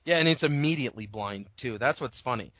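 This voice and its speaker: A man co-hosting a casual book podcast, talking in an animated way and swearing freely as he acts out scenes. His voice sits at an ordinary middle pitch. The recording is dull and lo-fi but dry, with no room sound. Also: quick pace, no echo. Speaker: podcast co-host.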